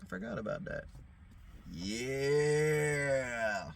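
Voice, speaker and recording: A man's voice: medium pitch, very animated, extremely slow, creaky, slight background noise. A man telling a heated, profanity-laden story, rambling with fillers, while sitting in a car at night. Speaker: vlogger. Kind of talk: casual storytelling to camera. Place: inside a parked car at night.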